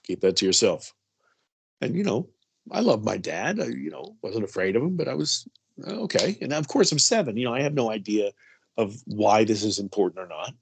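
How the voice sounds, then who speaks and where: A man's voice: lowish voice, very animated, fairly quick, gravelly, slightly rough. A middle-aged man telling a personal story as an interview guest, chatty and full of "you know" asides.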